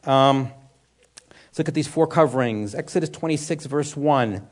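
A man's voice: mid-range voice, moderate pace. A man teaching a sermon in a conversational way, asking the room questions and answering them himself. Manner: conversational, with frequent "you know" and restarts. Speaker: Bible teacher.

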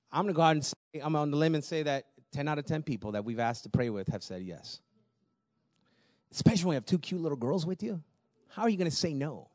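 Guy preaching, kinda high voice, tells stories, laughs a lot, dry sound. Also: no room sound. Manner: lively storyteller, laughs often, repeats words. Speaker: pastor. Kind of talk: sermon with personal stories.

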